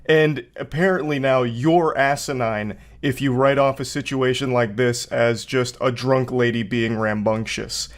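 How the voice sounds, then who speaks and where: A man hosts comedic commentary on a video. He riffs sarcastically in a mid-pitched voice and swears freely. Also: fairly even intonation, measured pace, hardly any pauses. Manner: sarcastic, profane riffing. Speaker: commentary host.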